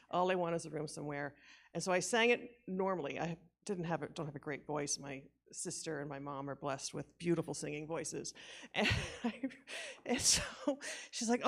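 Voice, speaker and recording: A woman's voice: low-pitched, gravelly. A woman giving a rambling, self-deprecating eulogy at a church memorial, laughing often as she shares memories of her aunt. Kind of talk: informal memorial tribute.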